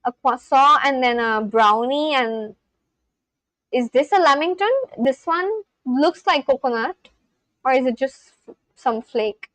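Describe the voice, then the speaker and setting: A young woman from India chatting casually on a livestream, reading out viewers' comments and reacting with gushing excitement. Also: high-pitched, unhurried, no echo, rough recording. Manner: gushing, reads chat aloud and reacts.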